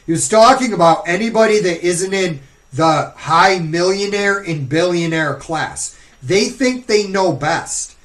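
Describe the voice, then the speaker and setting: A man with a fairly high voice rants bluntly and with plenty of profanity on a casual podcast. He takes his time and lets each point land slowly. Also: fairly bright tone, low-quality recording.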